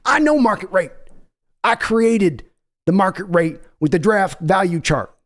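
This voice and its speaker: In a comedy skit, a man with a high-pitched voice and lively intonation impersonates a brash, pushy older Texan football team owner, speaking unhurriedly in a put-on drawl. He comes across pushy and folksy, wheedling and bossy.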